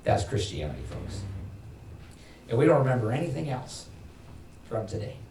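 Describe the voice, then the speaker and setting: A man preaching a sermon as pastor, emphatic, climbing in pitch and loudness to stress his points and acting out quoted voices. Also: sing-song, moderate pace, creaky. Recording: echoey hall from far off, faint noise.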